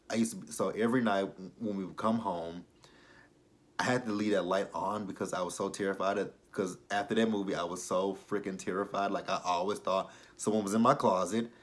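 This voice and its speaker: A man in his thirties chatting casually about a TV episode, drifting into tangents and animated childhood stories. His voice sits fairly low. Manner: rambling, animated storytelling, tangents. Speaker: YouTube TV reviewer. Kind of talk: casual chat.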